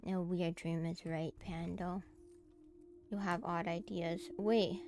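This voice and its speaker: A woman's voice: on the low side, fairly even intonation, slow, a little mellow, a little hiss or hum. A woman streamer chatting casually as she plays a game, easily startled and giggly. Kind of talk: casual gameplay commentary.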